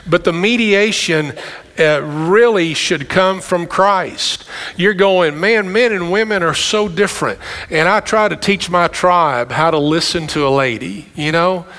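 A middle-aged male pastor delivers a sermon in a church sanctuary, his voice sitting a little higher than most men's. He talks conversationally and throws quick asides to the congregation. A long reverb trails behind his words. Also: a bit bright.

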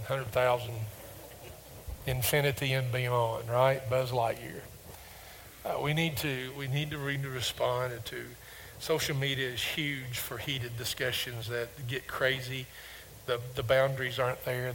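A man's voice: creaky, slight background noise, low-quality recording. A man preaching a sermon to a congregation, calling for the room to repeat verses back to him. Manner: call-and-response, gets louder and higher reading verses.

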